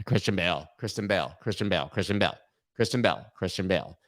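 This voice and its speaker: A man's voice: on the low side, expressive, fast talker. Playful, joking man hosting a livestream. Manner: jokey and playful, riffing on silly bits. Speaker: host of a crypto news livestream. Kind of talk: casual livestream chat. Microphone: webcam framing, sitting at camera.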